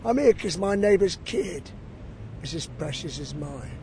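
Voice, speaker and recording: A man's voice: high voice, expressive, a little slow, a little mellow, slight background noise. A man, a peace campaigner, giving angry, profane interview answers and asking many rhetorical questions.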